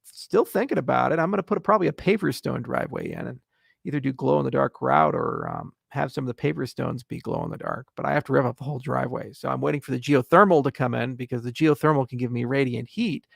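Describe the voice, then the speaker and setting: Guy doing a casual live q&a, very gravelly fry, dry close sound, wry deadpan jokes. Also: medium pitch, quick pace, no echo. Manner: wry, deadpan joking, reads questions aloud. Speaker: host answering viewer questions. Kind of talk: casual livestream Q&A.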